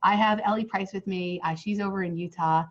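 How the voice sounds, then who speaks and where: A woman hosting a casual interview podcast, her voice hoarse from a cold, rambling with many fillers and restarts. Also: mid-range voice, steady tone, brisk. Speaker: podcast host. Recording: dull lo-fi sound.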